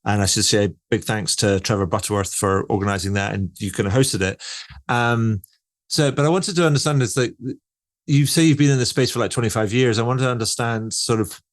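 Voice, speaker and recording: A man's voice: on the low side, fairly quick, dry recording. A Scottish man hosting a podcast interview, chatty and rambling with lots of fillers. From Scotland. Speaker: podcast host. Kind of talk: casual interview chat.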